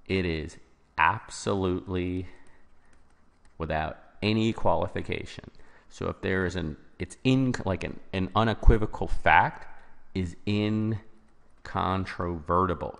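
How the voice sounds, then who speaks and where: A man tutoring for an exam in a recorded lesson, his very low voice carrying a gravelly edge. He works through the answer choices one by one, often restarting mid-sentence. The sound has a long, hall-like reverb around it. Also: fairly bright tone. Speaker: test prep tutor.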